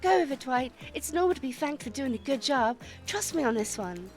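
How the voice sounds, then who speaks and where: A woman voicing a calm young woman survivor who coaxes a friend along, in a matter-of-fact way, while reading a game aloud. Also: high-pitched, fairly quick, faint music behind, voice pushed up. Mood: reassuring.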